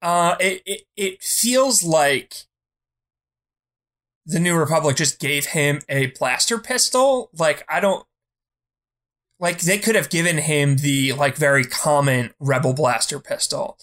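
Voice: medium pitch, slow, fairly bright tone. A podcast co-host in casual chat, ranting bluntly with lots of swearing and repeated false starts. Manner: blunt, profane, heated ranting; repeats words when starting.

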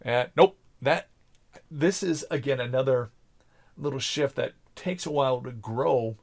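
A man's voice: mid-range voice, unhurried, gravelly. A man co-hosting a podcast, chatting casually about a TV series and acting out quotes in raised voices. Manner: animated when joking, acts out quotes in raised voices. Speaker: podcast co-host.

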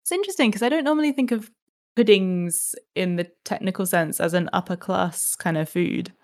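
A woman's voice: medium pitch, brisk. A woman co-hosting a casual chat, listening closely and chiming in. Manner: engaged, responsive listener.

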